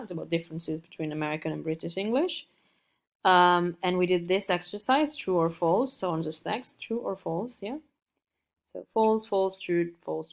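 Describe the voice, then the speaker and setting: A woman teaching an English lesson, repeating words slowly and carefully for her learners. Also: on the low side. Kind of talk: recorded online English lesson.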